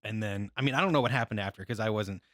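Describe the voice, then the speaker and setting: A man's voice: on the low side, fairly bright tone, no echo, studio quality. A man co-hosting a podcast, telling a story in a loose, casual way with lots of fillers and restarts. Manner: laid-back, halting with many fillers and restarts. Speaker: podcast co-host.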